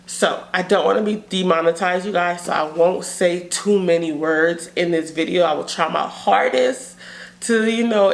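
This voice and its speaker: Chatty woman giving frank advice. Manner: frank, chatty, drops into low sultry demo voices. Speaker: channel host. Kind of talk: casual advice talk to camera.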